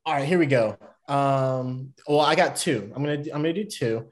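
Southern guy on a podcast, rambly and chatty, keeps laughing at himself, regular pitch. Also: normal speed. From Atlanta, Georgia. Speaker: podcast guest, baseball player. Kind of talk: casual podcast chat.

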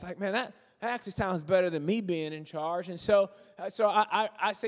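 A middle-aged man preaching a humorous, conversational sermon, animated and acting out the voices of churchgoers. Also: high-pitched, brisk, few pauses. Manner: animated, acts out voices of churchgoers, jokey asides. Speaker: guest preacher. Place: large church sanctuary. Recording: long hall reverb from a church.

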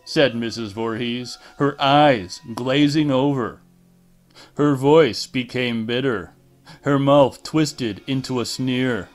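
A man reading a horror novel aloud in a deliberate, dramatic narration style. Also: mid-range voice, soft background music. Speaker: audiobook reader.

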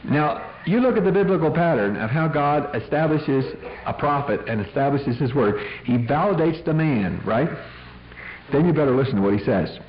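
A man's voice: fairly high pitch, lively intonation, moderate pace. A man giving an informal teaching talk on apologetics, telling Bible stories in a folksy way with acted-out voices. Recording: dull 1980s tape recording.

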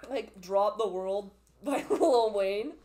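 Speaking slowly in a mid-range voice with a dark tone, this young Canadian woman in her twenties is a guest on a podcast. Her casual conversation is giggly and rambling, packed with laughter and fillers.

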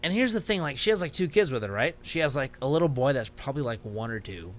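Man, podcast co-host, casual chat, lively swooping pitch, laughs at his own stories. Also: quick pace, slight background noise.

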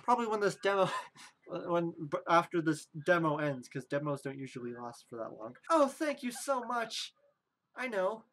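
Excitable young woman gaming commentary. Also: fairly low pitch, normal speed. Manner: excitable, joking, dramatic reactions. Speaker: video game streamer. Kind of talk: let's play commentary.

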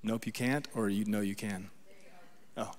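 A man's voice: fairly low pitch, fairly even intonation, a little slow, a little mellow. Man preaching in a reverberant hall. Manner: conversational, checks in with the congregation often; reads scripture aloud with emphasis. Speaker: guest preacher. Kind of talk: sermon.

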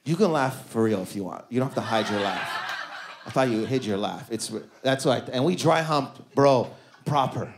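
A man's voice: medium pitch, slight background noise. Male stand-up telling stories to a crowd. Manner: loose, conversational storytelling with quick asides to the crowd. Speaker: stand-up comedian. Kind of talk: stand-up comedy set. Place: comedy club stage before a live audience.

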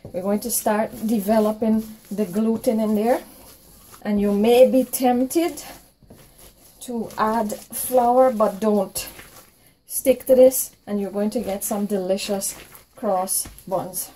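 A woman's voice: mid-range voice, fairly even intonation, slow pace, poor audio. A woman presenting a home baking tutorial, walking the viewer through each step with encouraging promises. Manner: warm step-by-step instructions with reassuring promises. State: out of breath from kneading. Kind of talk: cooking tutorial narration.

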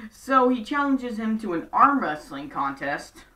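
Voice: medium pitch, sing-song, normal speed, few pauses, sharp tone. A casual show recap vlogger, chatty and throwing in sarcastic asides. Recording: roomy echo, distant from mic.

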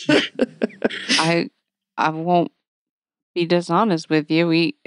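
A woman with a very low, smooth voice plays a tabletop game, choosing her words earnestly and stopping to restart often. The recording is dry and close to the mic. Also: fairly even intonation, dry recording. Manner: halting, earnest, laughs easily. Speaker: player.

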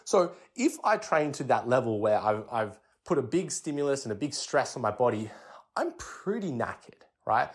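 A relaxed young man hosts a fitness podcast and talks it through casually. He trips over his words and restarts often, at an ordinary, mid-range pitch. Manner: relaxed and chatty, many fillers and restarts, acts out gym thoughts. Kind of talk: casual explanatory talk.

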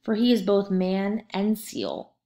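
A woman's voice: mid-range voice, sing-song, slow, dark tone. A woman voicing a frightened fisherman's wife who pleads for help in a storybook read-aloud. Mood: sorrowful.

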